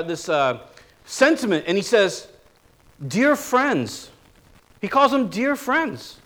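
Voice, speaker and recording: Male pastor, high speaking voice, casual sermon delivery full of rhetorical questions. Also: fairly bright tone. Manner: conversational preaching with rhetorical questions.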